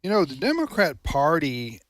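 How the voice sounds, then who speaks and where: A man's voice: a little high, wildly swooping pitch, normal speed, fairly bright tone, no echo, clean studio sound. Folksy male radio talk host. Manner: folksy, rambling, with restarts. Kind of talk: casual political talk radio chat.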